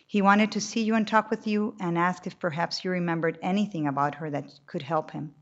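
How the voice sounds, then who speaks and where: A calm, reassuring woman who runs an orphanage, as a woman reader voices her. Her voice sits low, and the recording is dull and lo-fi. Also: brisk, natural voice. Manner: reassuring, to the point. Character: calm female orphanage director.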